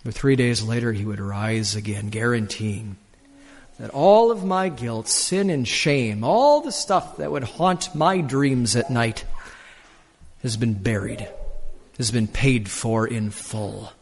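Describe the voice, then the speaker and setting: A man preaching a sermon as pastor, swinging between soaring emphasis and soft, slow lines. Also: in a large hall, slight background noise. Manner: expressive preaching, soaring and dropping pitch. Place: church.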